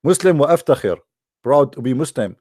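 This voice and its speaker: A man's voice: medium pitch, animated, fairly quick, warm tone, breathy edge, no room sound, studio quality. A man delivering a mocking, sarcastic monologue to viewers in broken, non-native English. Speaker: online commentator.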